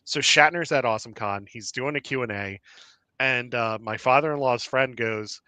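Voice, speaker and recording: A man, a podcast host, telling animated anecdotes in casual chat with lots of fillers. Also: mid-range voice, moderate pace, no room sound.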